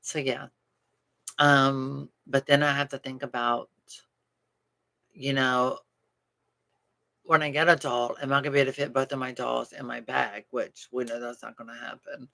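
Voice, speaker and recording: A man chatting casually to viewers about travel plans in a rambling, animated way with easy laughs. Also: mid-range voice, moderate pace, gravelly, long pauses. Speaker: doll channel vlogger. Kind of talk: casual chat.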